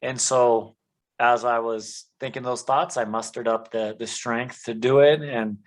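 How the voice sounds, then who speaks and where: A man's voice: mid-range voice, fairly even intonation, measured pace, low-quality recording. A man earnestly telling his life story as a podcast guest, with many "um"s and "you know"s. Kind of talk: conversational testimony.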